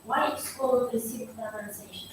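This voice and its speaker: Woman, defense panel moderator, high voice, polite questions, very echoey. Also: steady tone, moderate pace. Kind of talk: formal questioning. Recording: echoey hall from far off, room noise.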